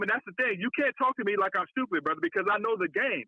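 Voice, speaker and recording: A man's voice: sits high, animated, very fast, breathy edge, dry recording, lo-fi sound. A man calling in to a show, pressing his point and calling the host "brother" over and over. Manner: challenging, keeps saying "brother". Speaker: caller. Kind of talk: heated call-in debate.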